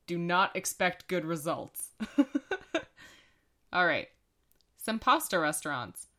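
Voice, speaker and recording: A woman's voice: fairly low pitch, sing-song, takes it slowly, sharp tone. A woman co-hosting a casual podcast, reading pun lists and often dissolving into giggles. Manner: giggly, breaks into laughter while reading. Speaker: podcast co-host.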